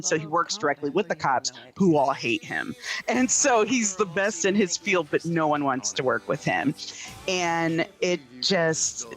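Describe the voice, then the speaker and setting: A woman film critic reviewing a series in casual chat, animated and laughing, with plenty of fillers. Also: low-pitched.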